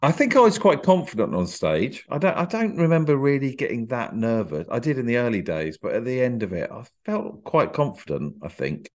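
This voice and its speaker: A man's voice: mid-range voice, sing-song, a little fast, hardly any pauses. A man guesting on a podcast, talking shyly with dry, self-deprecating humour. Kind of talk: casual podcast interview.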